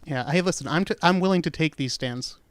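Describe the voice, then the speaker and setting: A man's voice: a little high, fairly quick, no echo. A man hosting a true-crime talk show, telling the story in a rambling, jokey way and correcting himself as he goes. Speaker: podcast host. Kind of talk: casual true-crime chat.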